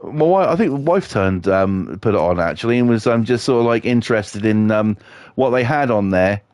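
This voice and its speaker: A man's voice: lowish voice, expressive, moderate pace, darkish tone, no room sound, studio quality. A middle-aged British man ranting sarcastically, telling swear-filled everyday stories while streaming a game. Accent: British English. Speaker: livestreamer. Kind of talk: casual ranting chat.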